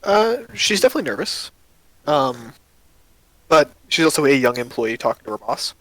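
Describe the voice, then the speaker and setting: Relaxed man running a tabletop game. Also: mid-range voice, moderate pace, dry recording, low-quality recording. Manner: relaxed, loose storytelling. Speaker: game master.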